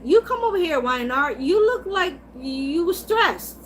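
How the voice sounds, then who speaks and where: A woman hosting a livestream, chatting about soap operas and answering her chat in an animated, gossipy way, swearing freely and laughing often. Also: extremely high pitch, unhurried, few pauses, slight background noise, low-quality recording. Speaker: livestream host.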